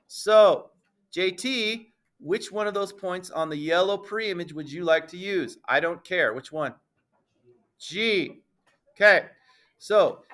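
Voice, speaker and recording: A man teaching a middle school math class, playful and emphatic, addressing the students as ladies and gentlemen and checking often that everyone understands. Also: high voice.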